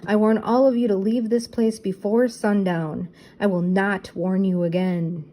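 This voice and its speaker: A woman reading aloud, voicing a menacing pirate captain who speaks slowly and threateningly. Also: mid-range voice, level tone, mellow, natural voice. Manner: slow, drawn-out, threatening. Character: menacing old pirate captain, a ghostly man.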